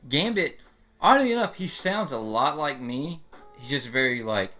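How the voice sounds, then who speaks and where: A man talks in a loose, rambling way, full of restarts, "like" and "you know." His voice is bright and forward, with faint music playing behind him on a live stream. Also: mid-range voice, expressive, moderate pace. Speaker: streamer describing his experience. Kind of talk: casual live-stream chat.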